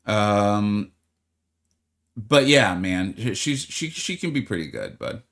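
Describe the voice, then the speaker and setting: A man's voice: lowish voice, very animated, takes it slowly, vocal fry, a bit bright. A man hosting a live game stream, chatting in an upbeat, friendly way and greeting viewers by name as he talks through his plans.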